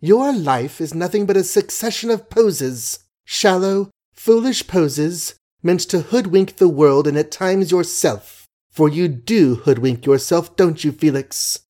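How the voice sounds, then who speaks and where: A man's voice: high voice, lively intonation, darkish tone, pitched above the performer's own voice. A man voicing a defiant young society woman. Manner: eager, quick and defiant. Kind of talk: audiobook reading.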